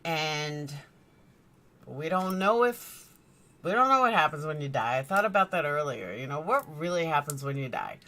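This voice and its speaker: A middle-aged woman, a true crime streamer, hosts a casual live stream from her bedroom lit by a screen, rambling, chatting and greeting viewers by name. Her deep voice has big pitch swings, a bright, forceful tone, and normal speed.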